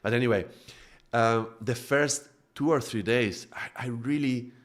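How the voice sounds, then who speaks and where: A middle-aged man from Spain with a strong Spanish accent, a native Spanish speaker, giving a casual live-streamed talk as a spiritual teacher. He tells stories in a quick, animated way, laughing often and restarting his sentences. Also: mid-range voice.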